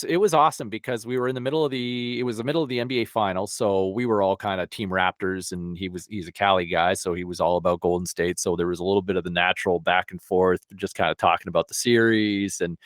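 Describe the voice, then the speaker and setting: A man's voice: lowish voice, no echo, studio quality. A man, a sports broadcaster, telling stories as a guest on a podcast and acting out the people he quotes. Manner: animated, acts out quotes with lively voice shifts. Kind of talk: casual storytelling in a podcast.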